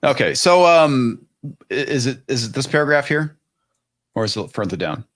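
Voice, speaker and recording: Chill wry guy reading super chats on a stream, normal pitch. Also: expressive, normal speed, a bit bright. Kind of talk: casual live-stream chat.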